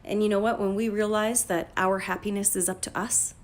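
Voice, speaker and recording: A woman life coach talking casually on a phone livestream. She is blunt and profane and breaks into loud, emphatic bursts. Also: medium pitch, fairly even intonation, fairly quick. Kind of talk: casual motivational livestream talk.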